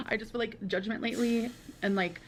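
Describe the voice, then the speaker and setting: In a confessional vlog with slight background noise, a woman talks in an earnest, unhurried way, stretching her words out. She's a video blogger, and her voice is a little high and expressive.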